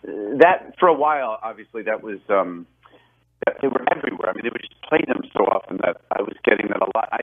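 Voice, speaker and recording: A man's voice: lowish voice, animated, fast. A man in his forties, a guest actor chatting in an interview, rambling and self-deprecating with lots of restarts and laughs. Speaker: actor and film director, guest. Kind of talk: casual interview over a phone line. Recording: tinny phone line.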